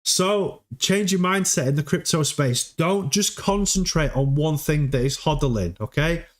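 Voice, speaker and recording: A man's voice: a little high, measured pace. Emphatic man hosting a crypto stream. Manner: emphatic, repeats "okay?" to check in with listeners. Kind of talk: casual advice monologue.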